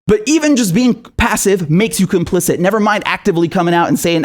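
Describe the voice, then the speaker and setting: A man's voice: high-pitched, quick pace, hardly any pauses. A man giving an angry, profane political rant to camera, sarcastic and repeating himself for emphasis. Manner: mocking mimicry in asides. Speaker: political commentator.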